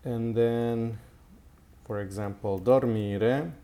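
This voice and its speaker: A man teaching an Italian grammar lesson in a slow, halting way, with many fillers and repeated words. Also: medium pitch, fairly even intonation, dark tone. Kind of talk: recorded language lesson.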